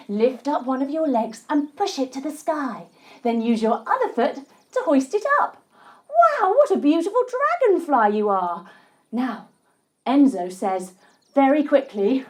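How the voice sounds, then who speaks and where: A woman telling a yoga story for children in an animated, sing-song and encouraging way. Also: high-pitched. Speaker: kids yoga instructor and storyteller.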